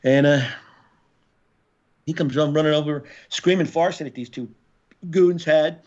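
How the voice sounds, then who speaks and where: An older man, a former Marine, telling his story as a podcast guest in a gritty, profane way with halting restarts. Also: on the high side, a little mellow. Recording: slightly dull lo-fi audio.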